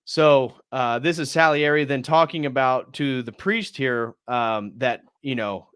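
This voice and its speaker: A man's voice: medium pitch, unhurried, fairly bright tone, clean tone, no room sound. Man retelling a film, dry close mic. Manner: retells scenes, briefly acting out the characters' lines. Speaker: host. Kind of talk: casual movie review on a live stream.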